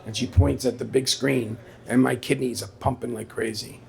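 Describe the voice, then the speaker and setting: A man's voice: mid-range voice, steady tone, moderate pace, creaky, darkish tone. A man telling a personal story on stage at a live story slam, in a conversational way, quoting the people in it. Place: small venue with a live audience.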